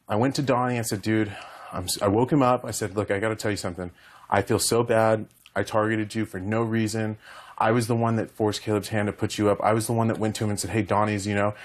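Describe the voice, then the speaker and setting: A young man with a somewhat low voice talks through a heated confrontation. He rambles and gets emotional, often acting out what others said to him. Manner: rambling, emotional, retells dialogue. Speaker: reality show contestant. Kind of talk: heated conversation.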